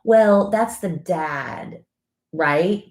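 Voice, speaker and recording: A woman's voice: on the low side, very slow, darkish tone. A middle-aged woman with a Southern US accent, co-hosting a casual live-stream chat and telling stories at length. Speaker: co-host.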